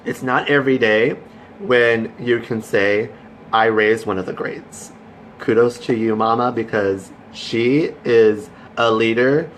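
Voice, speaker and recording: Man, live stream host, chatty, effusive, mid-range pitch, faint background noise. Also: slow. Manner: effusive, chatty, greets viewers by name. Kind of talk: casual Facebook Live chat.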